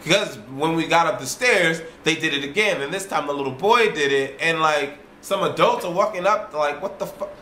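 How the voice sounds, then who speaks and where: A man vlogging in a casual, ranting monologue. He tells his story in an animated way, swears freely and repeats himself. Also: on the high side, moderate pace, hardly any pauses, slight background noise. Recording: roomy echo.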